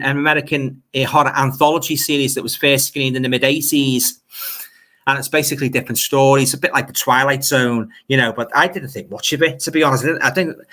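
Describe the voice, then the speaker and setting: Liverpool guy rambling on a livestream, reading comments, bright voice, says stuff twice. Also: mid-range voice. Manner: rambling, repeats words, chatty asides. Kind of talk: casual livestream chat.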